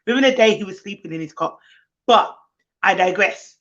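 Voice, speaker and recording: Through muffled lo-fi stream audio, a nanny who co-hosts tells stories at normal speed in a mid-range voice. The chat is casual, and she brings it to life by acting out kids' voices.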